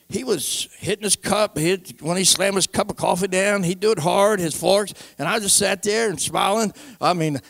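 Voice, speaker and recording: A man gives his testimony from the pulpit in a gravelly, fairly high voice. He swings between fervent shouting and hushed, earnest talk. The sound is close and dry. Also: no echo. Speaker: preacher giving testimony. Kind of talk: sermon testimony.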